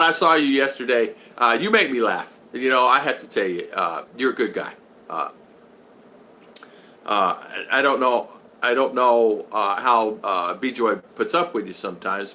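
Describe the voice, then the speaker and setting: An older man chatting on a live stream in a bright, forceful voice, meandering from story to story. His pitch sits in an ordinary middle range, and a faint hiss of noise hangs under the talk. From United States. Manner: rambling, reads out viewer comments. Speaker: vlog host. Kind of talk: casual live-stream chat.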